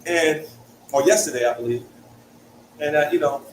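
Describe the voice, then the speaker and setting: In an echoey room with a far-off mic and faint hiss, a young Hartford man with a Connecticut accent teaches a Bible study at a moderate pace. His voice is a little high, his manner conversational, and he frequently adds "right?" to his points.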